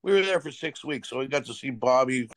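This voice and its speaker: A man's voice: mid-range voice, expressive, a little fast, fairly bright tone, no echo. A man in his seventies, a retired hockey player, telling stories in an interview with a rambling, repetitive way of talking. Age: 70s. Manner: rambling, repeats himself, acts out quotes. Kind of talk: casual storytelling in an interview.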